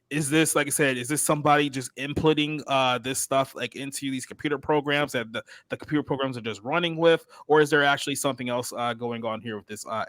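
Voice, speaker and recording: A man's voice: mid-range voice, fairly bright tone, no room sound. A man hosting a faith podcast, casual and rambling, with many fillers. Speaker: podcast host. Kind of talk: casual chat.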